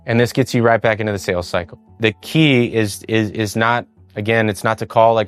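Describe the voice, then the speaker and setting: A man's voice: on the low side, fairly even intonation, fairly quick, smooth, no echo, faint music behind. A man leading a sales training talk, coaching in a conversational way and acting out sample call scripts. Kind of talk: sales training talk with role-play demos.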